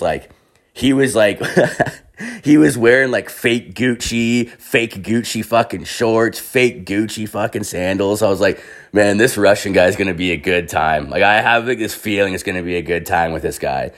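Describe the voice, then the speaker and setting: A man's voice: on the low side, moderate pace, fairly bright tone. A man from Canada telling a wild party story in a casual, rambling way, swearing constantly and padding with "like". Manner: profane and rambling, heavy filler words.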